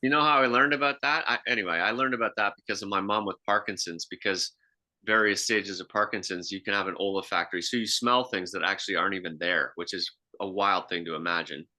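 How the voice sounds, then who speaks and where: A man's voice: low-pitched, steady tone, fast talker, sharp tone. A man co-hosting a podcast, telling reflective stories in casual chat with frequent restarts. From half Swiss. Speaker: podcast co-host.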